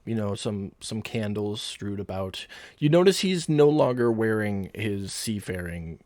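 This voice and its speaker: A man narrating as game master in a relaxed, casual way, with filler words. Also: on the low side, a little slow, dry recording.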